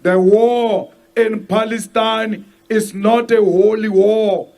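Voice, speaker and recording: A South African man giving a slow, emphatic rally speech and shouting some lines. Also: high-pitched, steady tone. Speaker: political leader addressing a rally.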